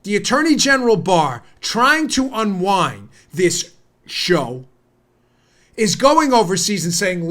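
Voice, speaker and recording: An American man in his forties hosting a political commentary podcast, heated and indignant, his voice climbing toward near-shouting. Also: sits high, sing-song, takes it slowly. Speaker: podcast host.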